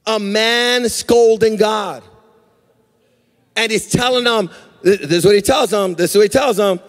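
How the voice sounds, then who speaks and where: A man preaching to his church with a high, bright voice and a sing-song, animated cadence. He swings into acted-out quotes and back. The sound rings with the long reverb of a large hall. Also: measured pace, long pauses. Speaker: pastor. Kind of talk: live sermon. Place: church sanctuary.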